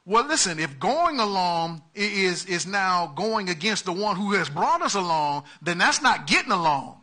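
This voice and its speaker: A man preaching an animated sermon, repeating words and acting out characters, building to loud emphatic peaks. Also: sits high, normal speed.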